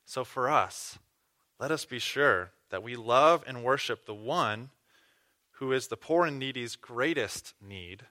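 Bright-voiced man preaching a sermon. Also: medium pitch, lively intonation, a little slow. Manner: earnest teaching with questions and restarts. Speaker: pastor.

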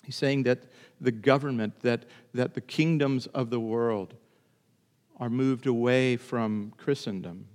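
A man preaching a sermon in an earnest, emphatic way, now and then leaping up in pitch to drive a point home. His voice sits at an ordinary middle pitch, and it rings out with the long reverb of a large church hall. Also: fairly even intonation, a little slow, a little mellow. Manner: earnest preaching, rising to emphatic high bursts. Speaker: pastor.

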